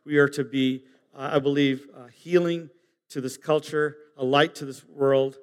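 A man preaching a sermon, earnest and halting, swinging from emphatic high peaks down to soft low asides. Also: steady tone, long reverb tail. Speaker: pastor.

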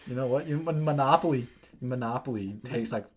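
A man's voice: medium pitch, a little fast, a loud crowd. A teenage boy co-hosting a casual podcast chat, swearing a lot and acting out angry players. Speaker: podcast co-host.

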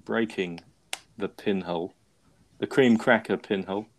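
Give me a podcast host with a low, gravelly voice telling a rambling, self-mocking story. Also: male voice, a little slow. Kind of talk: casual chat.

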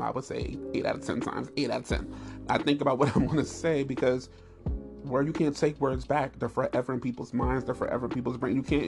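A man hosting a podcast, telling a story in a candid, animated and profane way. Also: creaky. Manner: animated, profane storytelling with high squeals and laughs. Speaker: podcast host.

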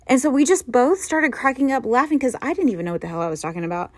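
A woman's voice: high-pitched, animated, fast, no room sound. A middle-aged woman hosting a podcast, telling rambling, self-mocking stories in a casual chat with frequent laughter. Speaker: podcast host.

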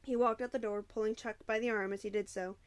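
A woman reads a novel aloud with steady, even storytelling and the odd small slip. Her voice sits mid-pitch. The recording is dry and close, with little room sound. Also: fast, dry recording. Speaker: audiobook narrator.

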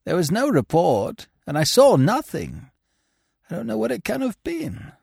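Brief: injured male servant voiced by a man, feeble and shaken, pitched up. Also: huge pitch swings, unhurried, gravelly, darkish tone, slightly rough, no echo, clean studio sound, heavily acted.

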